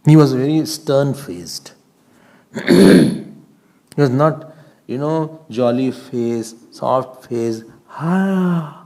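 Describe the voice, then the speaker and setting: A man giving a spiritual discourse as a swami, animated and laughing often as he acts out everyday scenes. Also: medium pitch, drawn-out words, pauses often. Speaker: swami giving a scripture talk.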